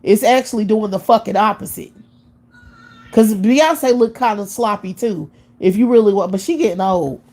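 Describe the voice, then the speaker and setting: A woman's voice: medium pitch, moderate pace, a little mellow. Woman ranting bluntly, heavy cursing. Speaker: live-stream host. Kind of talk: profane casual rant.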